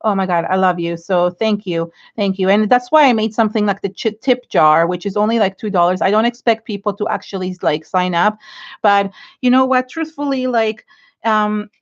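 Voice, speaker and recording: A woman's voice: mid-range voice, moderate pace. A middle-aged woman with an Israeli accent, chatting frankly and effusively to viewers on an art livestream, rambling with many fillers and restarts. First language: Hebrew. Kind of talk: casual livestream chat while inking. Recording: dull lo-fi livestream audio.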